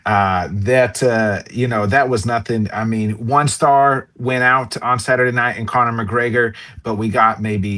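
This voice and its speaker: A man's voice: mid-range voice, steady tone, measured pace, hardly any pauses, sharp tone. A man guesting on a sports talk show, giving rambling, filler-heavy fight analysis with stories.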